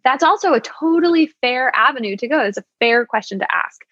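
A woman's voice: high-pitched, animated, a little fast, a bit bright, slightly rough, no echo. A woman sommelier chatting as a podcast guest, upbeat with wry asides. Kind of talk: casual podcast interview. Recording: dull, slightly lo-fi dry sound.

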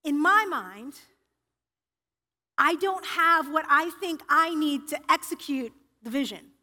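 A woman's voice: high voice, expressive, slow pace, sharp tone. A woman preacher giving a personal, confessional sermon in a church, often restarting her sentences. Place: church sanctuary. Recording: reverberant church hall.

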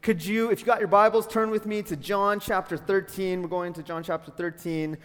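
A man's voice: sits high, fairly even intonation, moderate pace, fairly bright tone, smooth. A young adult man from Calgary, preaching a sermon as pastor in an upbeat, friendly way with joking asides. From Calgary, Canada. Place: school hall used for church. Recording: long hall reverb.

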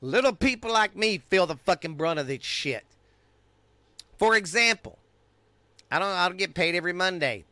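A fired-up, middle-aged Texan man rants into the mic, swearing freely and getting more heated as he goes. His voice is bright and forceful, a little higher than most men's, and the sound is dry and close. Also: expressive, moderate pace, long pauses, no room sound. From United States. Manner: angry, profane, heated. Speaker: podcast host. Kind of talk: ranting monologue.

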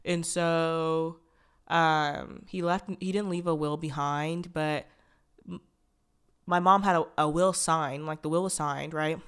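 A woman's voice: deep voice, fairly even intonation, slow pace, a bit bright, clean tone. A young woman hosting a podcast, telling a personal story in a rambling, candid way, full of "like" fillers, restarts and blunt swearing. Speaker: podcast host.

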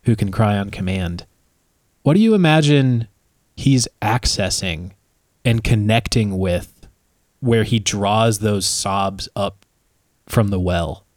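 A man hosting a podcast, asking measured, thoughtful questions of his guest. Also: lowish voice, darkish tone, no echo. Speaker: podcast host. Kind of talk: interviewing a guest.

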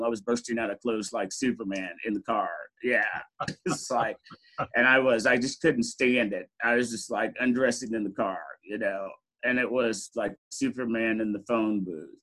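A man's voice: medium pitch, steady tone, normal speed, fairly bright tone, poor audio. Candid middle-aged man telling his story. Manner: candid, laughs often, frequent "you know". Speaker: interview guest. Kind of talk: reflective personal storytelling.

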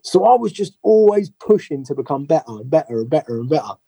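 A man, a tattoo artist, telling stories about his career in a casual, animated way as an interview guest. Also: a little high, fast talker, creaky, husky, no echo, rough recording. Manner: animated, acts out quoted voices.

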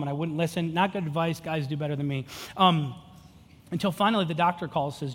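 A man's voice: fairly high pitch, fast talker. A man in his thirties, a pastor preaching a sermon, telling personal stories with rising passion. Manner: earnest storytelling with rising passion. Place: church hall. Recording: long reverb of a large hall.

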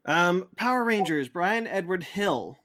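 A man's voice: sits high, lively intonation, a little slow, over a noisy crowd. A man hosting a casual pop-culture chat, reading out news items in a loose, chatty way. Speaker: podcast host reading news.

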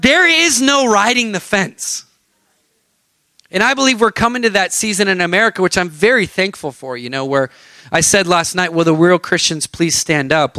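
Animated man preaching, dry close sound. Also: high-pitched, no echo. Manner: animated storytelling, acting out dialogue. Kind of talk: sermon.

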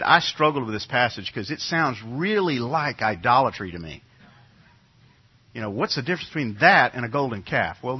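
Male preacher, husky voice, lively pitch, sermon storytelling, dull lo-fi recording. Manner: animated storytelling, acting out crowd voices.

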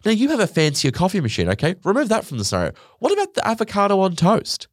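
A man's voice: fast talker, no echo, studio quality. A man hosting a podcast, delivering a sarcastic, profane comedic rant. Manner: sarcastic, profane, animated swings in pitch. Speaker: podcast host. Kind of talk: ranting comedic monologue.

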